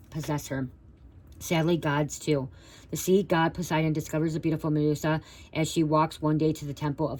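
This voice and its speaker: A woman on a live stream reads from a card guidebook, tripping over words and breaking off to address her viewers. Her voice sits low and stays fairly flat and even. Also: rough recording. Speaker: tarot reader.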